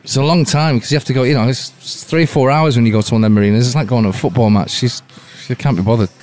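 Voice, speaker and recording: A man's voice: mid-range voice, racing, a little mellow. Wry, dry-talking man from Manchester. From Manchester, England. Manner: dry, wry storytelling with swearing. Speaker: guest. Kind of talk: casual chat.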